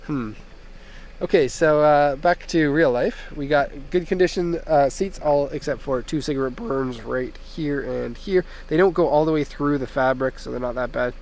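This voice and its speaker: A young man, a little hoarse from being sick, giving a casual walkaround review from inside a minivan, chatting with jokey tangents into a handheld camera. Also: on the high side, normal speed, a little mellow. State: slightly hoarse from a recent illness. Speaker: car import dealer and reviewer.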